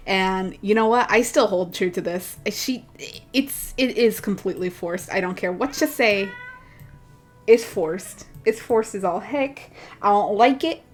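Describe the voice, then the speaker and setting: A young adult woman rants casually about books while drawing, laughing often and sounding exasperated. Her voice is medium in pitch with a darkish tone.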